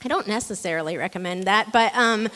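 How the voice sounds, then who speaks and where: A woman giving a relaxed, chatty sermon in a church, talking with many ums and restarts. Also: medium pitch, a little fast, long reverb tail. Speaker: church speaker. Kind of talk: casual conversational sermon. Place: church hall.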